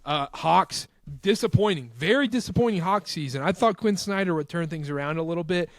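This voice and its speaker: A man co-hosting a casual basketball podcast, blunt and animated, mocking others when he retells their words. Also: high-pitched, fairly quick, no room sound, clean studio sound. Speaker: podcast co-host. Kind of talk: casual sports talk.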